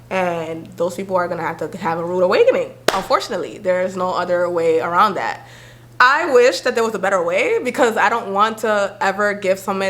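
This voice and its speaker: A young woman vlogging to camera, talking candidly and with attitude, acting out friends in quick quoted voices. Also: mid-range voice. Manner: animated, sassy, acts out friends' voices.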